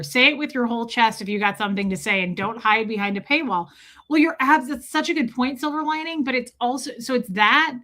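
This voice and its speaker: A young woman hosts a casual livestream, chatting candidly and reading viewer comments aloud. Her voice is bright and forward, pitched a little high. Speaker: livestream host reading chat.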